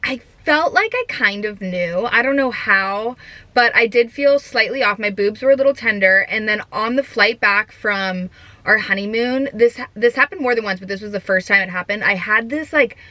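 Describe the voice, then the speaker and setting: A young woman vlogging in a casual, chatty way, full of "like" and quick laughs. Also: medium pitch, bright, forceful tone, no room sound. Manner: chatty, giggly, lots of filler "like". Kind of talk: casual chat.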